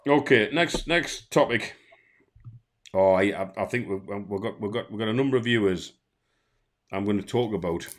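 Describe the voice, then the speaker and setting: A man's voice: lowish voice, moderate pace, long pauses. A man with a Geordie accent, co-hosting a casual streamed chat and telling a long anecdote, acting out both sides of a phone call and often restarting his sentences. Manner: rambling storyteller who acts out both sides of phone calls, with frequent restarts. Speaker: co-host.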